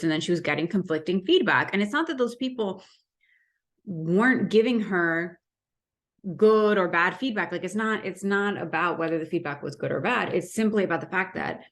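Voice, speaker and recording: A woman in her thirties giving candid business coaching advice to camera, animated and asking rhetorical questions. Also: mid-range voice.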